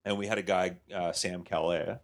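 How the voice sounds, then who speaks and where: Brief: very low male voice, loose storyteller who swears, quotes people mid-story. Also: steady tone, moderate pace. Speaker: comedy writer and producer. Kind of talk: casual podcast storytelling.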